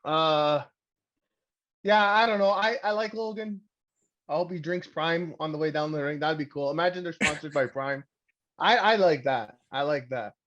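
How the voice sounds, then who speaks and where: A man's voice: a little high, moderate pace, highs cut off. A young man from Canada hosting a wrestling podcast, rambling and swearing in casual chat. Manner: rambling, crude, excitable. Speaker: podcast host.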